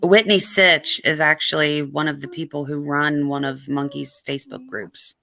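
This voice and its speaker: A woman joining a livestream as a guest, giggly and talking in quick bursts. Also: sits low, steady tone, vocal fry, sharp tone. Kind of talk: casual chat.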